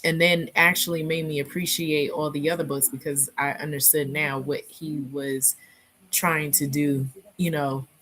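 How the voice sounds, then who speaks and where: A woman's voice: low voice, little pitch movement, normal speed, fairly bright tone, slight background noise, poor audio. A woman in a casual book club chat, rambling and hesitant with many fillers.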